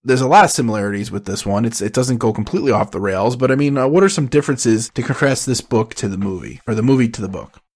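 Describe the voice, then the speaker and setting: Steady man steering a podcast chat. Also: mid-range voice, fast, few pauses. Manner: steady, trying to keep the talk on topic. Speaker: podcast host steering the discussion.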